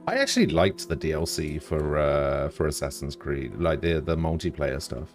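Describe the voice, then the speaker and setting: A British man streaming live, chatting casually with dry, deadpan humor and some swearing as he answers chat. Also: a bass voice, moderate pace, hardly any pauses, soft background music.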